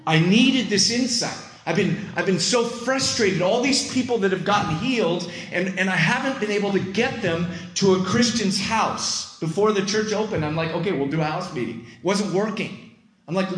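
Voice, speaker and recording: A pastor preaching in a fairly high voice that sits a little above most men's. He tells his stories in an excited rush, starting over and repeating words as he goes. His voice rings around an echoey room. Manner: excited, fast storytelling with many restarts and repeated words. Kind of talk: sermon.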